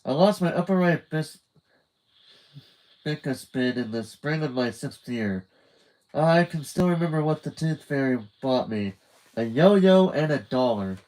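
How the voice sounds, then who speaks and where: A man's voice: fairly high pitch, lively intonation, unhurried, a little mellow, pitched above the performer's own voice, poor audio. A man voicing a young spy boy who talks in an exasperated, wry way. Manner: exasperated, sarcastic.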